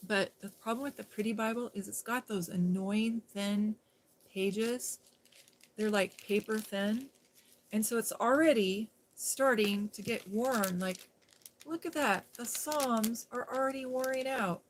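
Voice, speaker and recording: A woman's voice: a little high, a little slow, a little hiss or hum. Chatty, giggly woman on a phone live stream. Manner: chatty and giggly, talks to viewers in chat. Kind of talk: casual live-stream chat.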